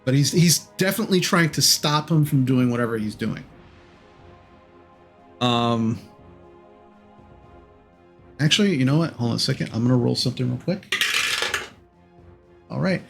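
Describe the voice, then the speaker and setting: A man running a tabletop game as game master, narrating in an unhurried, rambling way with many ums and self-corrections. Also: medium pitch, animated, creaky, husky, soft background music.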